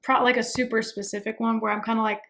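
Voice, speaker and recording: A woman's voice: a little high, little pitch movement, quick pace, a bit bright. A young woman from the American South, co-hosting a casual podcast and rambling with giggles and fillers. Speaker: podcast co-host. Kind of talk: casual chat.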